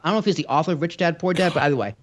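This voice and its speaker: A man's voice: a little high, expressive, rapid-fire. A man co-hosting a podcast, rambling and stammering through a laughing casual chat. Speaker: podcast co-host.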